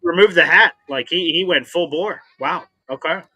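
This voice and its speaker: Laid-back co-host with a sharp, bright voice. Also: male voice, a little high, moderate pace, no room sound. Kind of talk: casual sports talk show.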